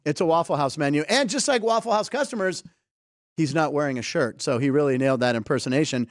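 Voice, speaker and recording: A man's voice: fairly high pitch, fast talker, dry recording, studio quality. Jokey man hosting a sports show. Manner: jokey, riffing, laughs often. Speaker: host. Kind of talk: casual sports comedy talk.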